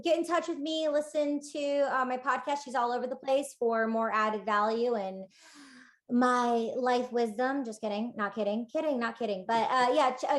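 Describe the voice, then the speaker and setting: Upbeat woman with a fairly high voice. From United States. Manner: upbeat, playful, earnest. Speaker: podcast guest, coach. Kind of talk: casual interview chat.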